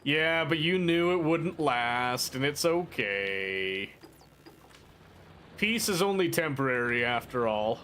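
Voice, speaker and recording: Chatting casually with viewers during a gaming live stream, a man rambles, addresses chat directly, and teases them in a playful, mock-dramatic way. His mid-range voice is slow-paced and a bit bright with lively intonation, and slight background noise is present.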